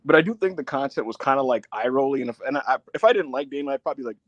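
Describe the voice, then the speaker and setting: A man co-hosting a casual podcast, animated and laughing, often acting out quotes, on a close mic. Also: medium pitch, racing, no room sound, highs cut off. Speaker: podcast co-host. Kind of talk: casual chat.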